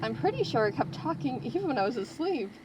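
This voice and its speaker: A woman's voice: high voice, big pitch swings, fast talker, highs cut off, noisy background. A woman voicing a playful young female tech trader in a video game, who builds robots and talks in a teasing, jokey way. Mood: chatty. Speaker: merchant. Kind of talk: video game character dialogue.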